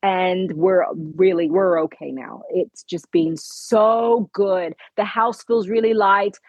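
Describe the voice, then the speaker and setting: A woman's voice: mid-range voice, fairly even intonation, slow pace, darkish tone, dry recording, low-quality recording. Earnest woman telling her story. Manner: earnest storytelling, acting out dialogue. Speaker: podcast guest. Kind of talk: conversational interview.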